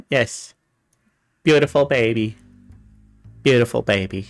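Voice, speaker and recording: A male host of a casual livestream talk show with a middle-pitched voice. He rambles, restarts and fills gaps with fillers. He coos and gushes fondly over the artwork he shows. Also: lively intonation, unhurried, a bit bright, faint music behind. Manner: gushing, cooing over pictures.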